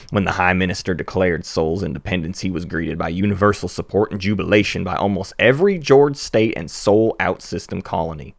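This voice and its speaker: A man reads game lore aloud in a measured storytelling delivery, adopting an American Southern accent as the male spokesman of a rebel human federation. His voice is low-pitched and gravelly, captured as clean studio sound without any room sound.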